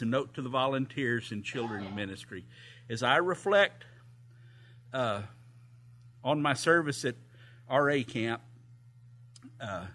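Slow-spoken man telling a church story. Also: mid-range voice, a bit bright. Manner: hesitant, many uh fillers, chuckles. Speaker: pastor reading a volunteer's story. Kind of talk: sermon storytelling.

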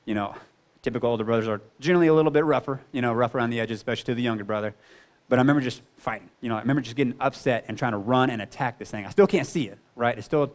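A man's voice: medium pitch, rapid-fire. A man in his thirties sharing a personal testimony, earnest and conversational, leaning on "you know" as he talks.

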